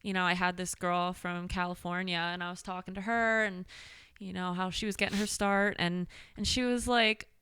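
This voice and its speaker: A woman's voice: on the low side, flat delivery, normal speed, pushed and bright, clear, resonant tone, no echo, studio quality. A young woman from Pennsylvania, a country pop singer, chatting as a guest in an upbeat, joking way. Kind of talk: casual chat.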